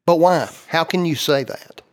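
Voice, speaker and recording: A man's voice: a little high, normal speed. A man hosting a casual discussion, explaining ideas earnestly and at length.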